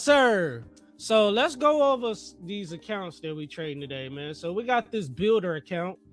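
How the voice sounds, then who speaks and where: A man with a high voice hosts a live trading stream. He talks in loose, slangy bursts, pumping up his viewers, while faint music plays underneath. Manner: energetic, slangy, hypes the chat. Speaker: livestream trading host. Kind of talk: hype livestream chat.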